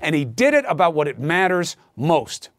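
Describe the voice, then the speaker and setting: Heated, high-voiced male news host. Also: big pitch swings, moderate pace, a bit bright, no echo. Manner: heated, sarcastic, emphatic. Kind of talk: opinion monologue.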